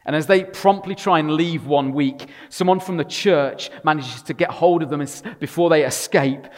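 A man preaching a sermon to a congregation, swinging between loud emphatic passages and quiet, intimate storytelling with a touch of wry humor. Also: fairly high pitch, moderate pace. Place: church. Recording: long reverb of a large room.

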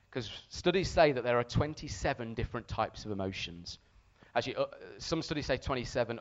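A man preaching a sermon to a congregation, telling a story with animated, shouted re-enactments. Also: medium pitch, lo-fi sound.

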